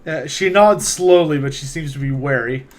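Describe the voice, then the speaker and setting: A man running a tabletop role-playing game, narrating scenes at an unhurried pace with many small hesitations. His voice is fairly high for a man. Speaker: game master.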